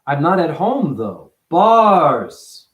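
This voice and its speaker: A man giving a rambling, profane spiritual monologue as a self-styled teacher, his voice jumping up and down in pitch. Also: expressive, normal speed. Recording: echoey room.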